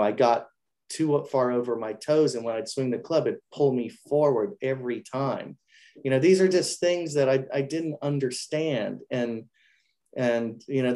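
A man's voice: medium pitch, darkish tone. Earnest, reflective male guest. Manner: earnest, reflective, with frequent restarts. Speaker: interview guest. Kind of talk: casual interview chat.

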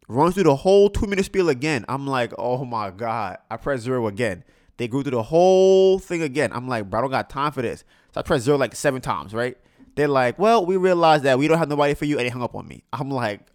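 A man's voice: on the low side, no echo, clean studio sound. A young man hosting a podcast, telling a slangy, exasperated story and acting out both sides of a phone call. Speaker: podcast host. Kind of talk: casual storytelling chat.

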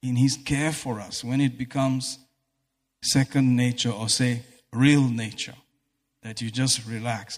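A man's voice: mid-range voice, lively intonation, a little slow. A man preaching a sermon in a church hall, fervent and breaking into exclamations of praise. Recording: echoey hall reverb.

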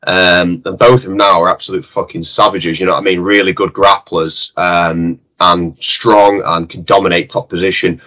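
A man's voice: sits low, little pitch movement, normal speed, hardly any pauses, pushed and bright, rough recording. A man with a Yorkshire accent, a jiu-jitsu head coach, talking bluntly and animatedly in a casual interview, with some swearing.

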